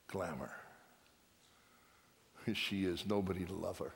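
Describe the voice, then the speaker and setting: A man preaching a sermon, telling a story with hushed lines and emphatic outbursts. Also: low-pitched, sing-song, measured pace, creaky, long pauses. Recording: long reverb of a large hall.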